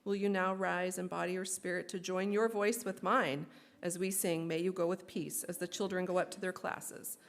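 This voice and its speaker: A woman minister telling a story for all ages during a worship service, expressive and gently inviting. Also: lowish voice, normal speed, gravelly.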